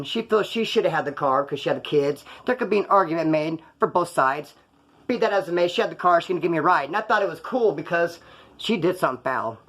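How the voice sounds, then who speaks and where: A man's voice: on the high side, fairly bright tone. A man telling wild stories from his past in a casual, slangy, profane way, acting out the voices of the people he quotes. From California. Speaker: storyteller recounting his past.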